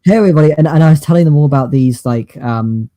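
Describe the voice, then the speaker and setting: A man co-hosting a podcast, telling stories in a halting, rambling way with many fillers and restarts. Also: medium pitch, warm tone, no room sound. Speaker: podcast co-host. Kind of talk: casual chat.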